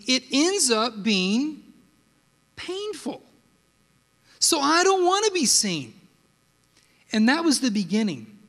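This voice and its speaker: A man preaching a sermon and telling personal stories in an animated way, with frequent rhetorical asides to the congregation. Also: very high-pitched. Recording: long hall reverb.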